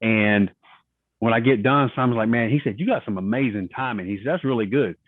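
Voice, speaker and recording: A man telling stories on a podcast, his voice coming through a thin, phone-like line that is dry and close. He speaks in a middle pitch and acts out the lines of the people he quotes as he goes. The talk is casual and relaxed. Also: a little fast, no echo. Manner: animated storyteller acting out quoted voices. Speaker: guest, retired wrestler. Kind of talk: casual interview storytelling.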